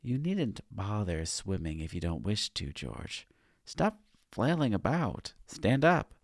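A man's voice: on the low side, very animated, slow pace, no room sound, studio quality, heavily acted. A man voicing a wry, otherworldly guide who walks on water, speaking in a teasing sing-song. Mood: coaxing.

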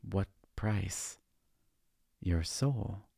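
A man's voice: low-pitched, vocal fry, dark tone, slightly rough, no echo, clean studio sound, heavily acted. A man playing a hissing, menacing ancient seer. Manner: hissing, slow, ominous. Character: ancient, menacing male seer with obsidian skin.

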